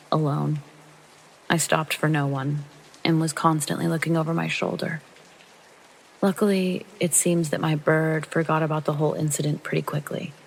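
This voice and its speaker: A man narrating a true first-person horror story in a calm, steady storytelling read, with rain behind him. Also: fairly high pitch, vocal fry, husky, low-quality recording. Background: rain sounds.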